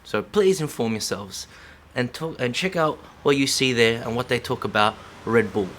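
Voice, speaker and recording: A man's voice: medium pitch, moderate pace, a bit bright. A middle-aged man speaking to camera in an unscripted monologue, heated and profane, full of slang, who keeps checking in with "yeah?". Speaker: vlogger.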